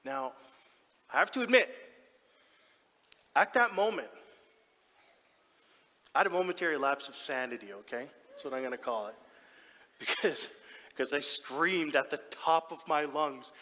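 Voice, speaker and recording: A man's voice: fairly high pitch, unhurried, pauses often, a little hiss or hum. A man playing a proud, doting hockey dad on stage. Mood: storytelling. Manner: animated, heartfelt storytelling with sudden soft drops. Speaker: actor in a stage monologue. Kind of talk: theatrical stage monologue. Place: large theatre stage. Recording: long theatre hall reverb.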